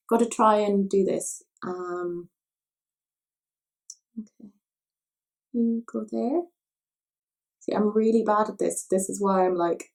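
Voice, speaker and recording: A young Irish woman rambles casually while doing her makeup for a vlog, poking fun at herself along the way. Her voice is medium-pitched and a little mellow.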